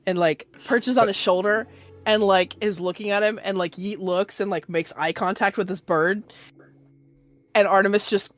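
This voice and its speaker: A woman's voice: medium pitch, steady tone, moderate pace, faint music behind. A woman narrating a tabletop game as game master, chatty and full of fillers.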